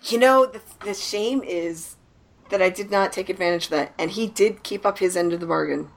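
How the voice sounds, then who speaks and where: A woman's voice: mid-range voice, moderate pace. A woman co-hosting a casual podcast chat, teasing and laughing often. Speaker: podcast co-host.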